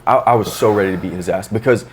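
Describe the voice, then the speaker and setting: A man co-hosting a podcast, telling a story in a heated, profane, animated way. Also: on the low side, fast talker. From Florida. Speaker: podcast co-host. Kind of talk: casual chat, telling a story.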